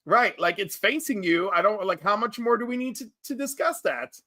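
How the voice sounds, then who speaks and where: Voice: medium pitch, expressive, normal speed, pushed and bright, dry recording, studio quality. A co-host in casual chat, teasing and wry about old comic panels.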